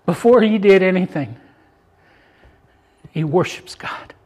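An older male pastor with a fairly high voice delivers a sermon to his congregation. He swings from loud, climbing emphasis down to soft, thoughtful musing as he reads and explains scripture. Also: lively intonation, slow pace, breathy edge.

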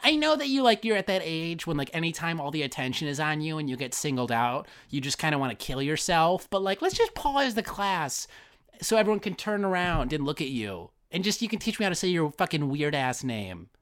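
A man voicing a flustered middle school teacher who stumbles over a student's name, in a high, hesitant, over-polite voice. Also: very animated, fairly quick, a bit bright, clean tone. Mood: condescending.

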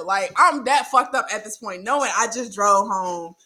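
A young woman telling a crude, animated story in casual chat, laughing often. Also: mid-range voice, normal speed, hardly any pauses.

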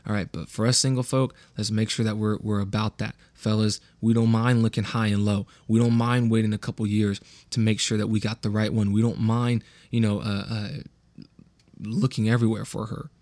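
A somewhat low, slightly mellow voice with little pitch movement belongs to a young podcast host from California's Central Valley who talks a little fast. Recorded dry, he discusses the Bible in a loose, slangy West Coast manner, repeating words when he restarts.

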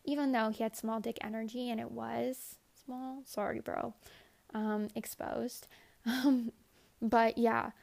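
A woman's voice: on the high side, flat delivery, takes it slowly, vocal fry, darkish tone. A young adult woman telling a candid, profane story in a casual monologue. She rambles, says "like" often and acts out her own thoughts in quotes.

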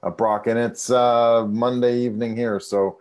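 A man's voice: mid-range voice, little pitch movement, unhurried, darkish tone. A man giving a polished self-introduction as a digital marketing agency owner on a video call. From Canada.

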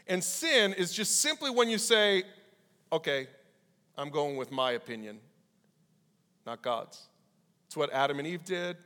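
Animated preacher man in a reverberant hall. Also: high voice. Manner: animated, acts out quoted voices. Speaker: pastor. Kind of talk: youth sermon.

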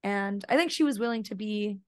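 A woman's voice: mid-range voice, fairly quick, no room sound. Gushing young woman, dry close sound. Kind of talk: casual book-podcast chat.

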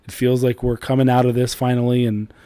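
A man's voice: mid-range voice, level tone, a little fast, warm tone, clear, resonant tone, dry recording. A man in his thirties co-hosting a casual chat, blunt and laid-back, swearing freely as he tells family stories. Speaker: podcast co-host.

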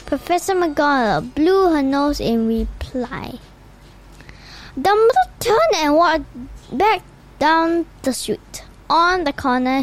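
A woman reading a children's storybook aloud in an unhurried way, with occasional slips and restarts. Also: high voice, slight background noise, low-quality recording. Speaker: reader.

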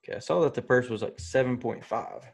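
A man's voice: mid-range voice, fairly quick. A man co-hosting a podcast, chatting in an easygoing way with fillers. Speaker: podcast co-host. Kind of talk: casual sports podcast chat.

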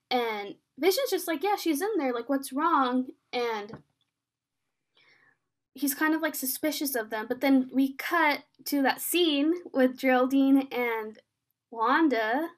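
A woman co-hosting a casual chat, animatedly retelling a TV episode and acting out quoted lines. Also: high-pitched. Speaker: podcast co-host.

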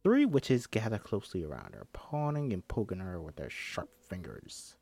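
A man's voice: low voice, huge pitch swings, normal speed, creaky, darkish tone, husky. A man reads a film script aloud and breaks off for jokey, swearing asides, acting out the characters' lines as he goes.

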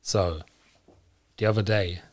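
A man, co-hosting a casual podcast, laid-back and quick with slangy reactions. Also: fairly low pitch, steady tone, no echo. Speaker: podcast co-host. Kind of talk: casual chat.

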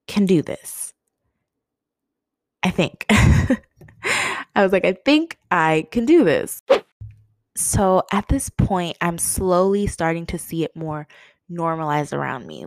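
A woman's voice: on the low side, no room sound. A young woman from Massachusetts telling a personal story casually, laughing often and quoting herself in a livelier voice. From Massachusetts, USA.

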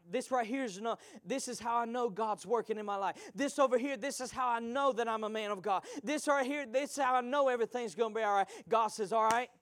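A man preaching a sermon to his congregation, moving between hushed whispers and shouted peaks and calling out to the listeners directly. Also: very high-pitched, dry recording, studio quality. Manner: call-and-response preaching, addresses congregation directly.

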